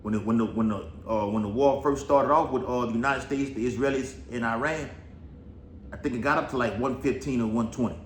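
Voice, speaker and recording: A man's voice: medium pitch, a little fast. Profane rambling man in an echoey room. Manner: rambling, profane, keeps saying "all right". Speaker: Bible prophecy commentator. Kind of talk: casual preaching commentary. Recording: echoey room with faint noise.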